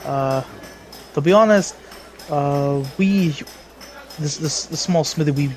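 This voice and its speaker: A man voicing a gruff, bald male dwarf blacksmith who talks with hesitant fillers. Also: fairly high pitch, takes it slowly, darkish tone, soft background music. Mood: apologetic. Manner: hesitant, filler-heavy speech.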